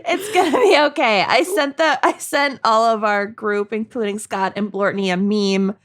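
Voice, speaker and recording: A woman's voice: on the high side, normal speed. A woman in her thirties co-hosting a podcast in casual chat, wry and joking, laughing often. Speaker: podcast co-host.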